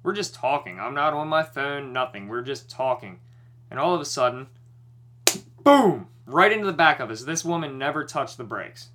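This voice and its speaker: A man's voice: mid-range voice, lively intonation, normal speed, a bit bright, a little hiss or hum. A young man co-hosting a podcast, retelling a story in casual chat with lots of swearing and worked-up energy.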